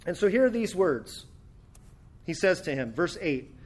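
A man's voice: sits high, big pitch swings, a little slow, long pauses. A man preaching a sermon in a conversational way, often restarting his words as he explains a passage. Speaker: pastor.

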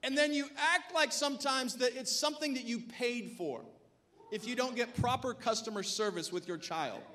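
A male pastor delivers a sermon in a notably high voice. He is emphatic and exhorting, and he presses his congregation for responses. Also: moderate pace, pushed and bright.

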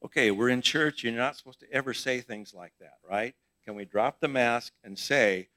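Bright, dry-voiced male pastor teaching. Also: medium pitch, moderate pace, few pauses, no room sound. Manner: conversational, asks the congregation questions. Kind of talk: sermon Bible teaching. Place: church.

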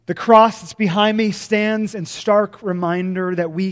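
High-voiced preacher in a reverberant hall. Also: male voice, fairly even intonation. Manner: dramatic swings between loud emphasis and hushed, slow lines. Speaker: pastor. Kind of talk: sermon.

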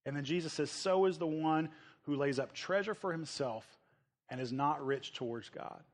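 A man from the United States delivers a sermon from the pulpit, animated and lively. He slips into the voices of the people in his story as he preaches. His voice sits fairly high for a man. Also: normal speed. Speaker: pastor.

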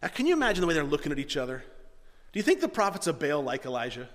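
A man preaching a sermon, reading scripture and swinging between quiet reading and loud, mocking asides. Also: a little high, very animated, rapid-fire, in a large hall. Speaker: pastor.

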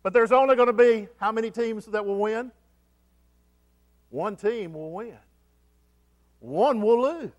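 A man's voice: high voice, unhurried, long pauses, muffled recording. A man preaching a sermon as pastor, asking the congregation questions and repeating key phrases for emphasis. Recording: long hall reverb.

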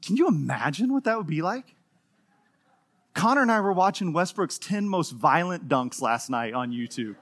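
A man's voice: on the high side, normal speed. A middle-aged man preaching a sermon to a congregation, telling stories with playful humor and acting out voices. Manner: animated storytelling with playful humor, acting out quotes. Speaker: pastor. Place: church in front of a live congregation.

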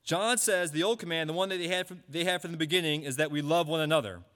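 A man's voice: on the high side, a bit bright. Man preaching in a reverberant hall. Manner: rhetorical questions, repeats key points slowly. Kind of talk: sermon.

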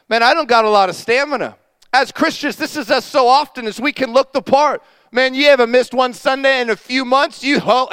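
A pastor preaching with animated storytelling, acting out the voices in his anecdotes. His voice sits high for a man and sounds smooth and resonant. The sound is dry and close. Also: no room sound. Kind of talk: sermon.

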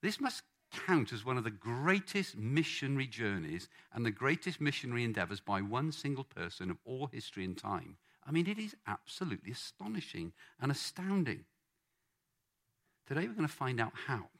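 A man's voice: medium pitch, moderate pace. A man preaching a sermon, playfully coaxing the congregation to join in. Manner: lively, playful, coaxing the crowd.

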